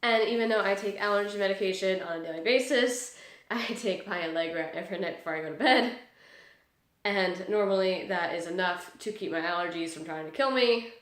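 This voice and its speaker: A book vlogger in her 20s talks casually from a small, echoey room at home, her medium-pitched voice quick and nasal, congested from allergies. She's chatty and upbeat, wandering off into rambling asides.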